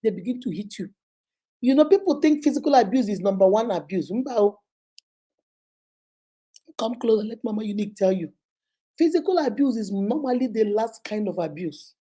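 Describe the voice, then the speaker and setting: Emphatic Nigerian woman hosting a motivational advice talk, mellow tone. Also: medium pitch, expressive, normal speed, long pauses, husky. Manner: emphatic and repetitive, preacher-like. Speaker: relationship advice host.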